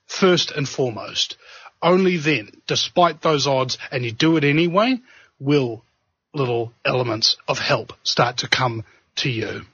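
A man with a New Zealand accent hosting a talk show, preaching and joking in an animated, casual way. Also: medium pitch, slightly rough, dry recording. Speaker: podcast host. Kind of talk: casual chat and monologue. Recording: dull lo-fi sound.

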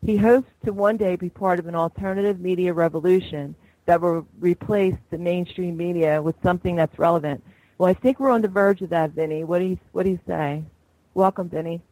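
A woman's voice: fairly low pitch, fairly even intonation, brisk, mellow, no room sound, poor audio. A woman hosting a live internet talk radio show, chatty and gushing, laughing often between remarks.

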